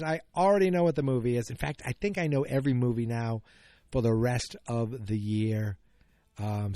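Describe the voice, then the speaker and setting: A middle-aged man talks alone into a podcast microphone at a middle pitch, rambling and circling back on himself. His voice is close and dry with no room sound. He gets openly emotional as he chats. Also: a little mellow, no room sound. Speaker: podcast host. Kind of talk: solo casual podcast chat.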